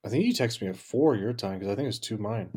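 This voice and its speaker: A man's voice: on the low side, lively intonation, quick pace, darkish tone, breathy edge. A man co-hosting a podcast, talking in a laid-back, wry way and swearing casually. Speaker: podcast co-host. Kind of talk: casual chat.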